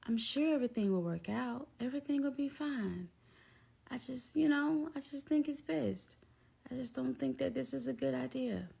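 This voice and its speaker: A woman voicing a calm woman therapist who speaks in a mellow, flat, hushed tone. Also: high-pitched, normal speed, gravelly, husky, voice pushed up, exaggerated voice.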